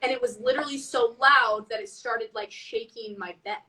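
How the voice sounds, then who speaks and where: A woman tells a story in loose, casual chat, acting out each quote and leaning on "like" constantly. Her voice sits a little high. She sounds a step back from the phone mic. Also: normal speed, far from the mic, rough recording. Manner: animated, heavy use of "like", acts out quotes. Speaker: band member on a live stream.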